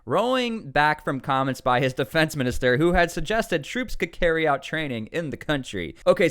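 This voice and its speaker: A man giving casual commentary on world news, reading out article passages and reacting to them, his pitch jumping up on words he stresses. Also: clear, resonant tone. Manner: animated, rises sharply on key words; reads out article text between remarks.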